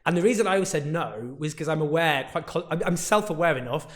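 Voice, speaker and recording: A British man, a political commentator guest, speaking in a rapid, animated, casual way with frequent restarts. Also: fairly high pitch. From Britain. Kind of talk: casual interview chat.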